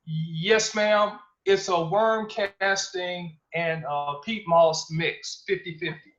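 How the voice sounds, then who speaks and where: Halting man on dull lo-fi audio. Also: sits high, steady tone, a bit bright. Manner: halting, many fillers and restarts, polite "yes ma'am". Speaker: workshop presenter. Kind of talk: casual explanation.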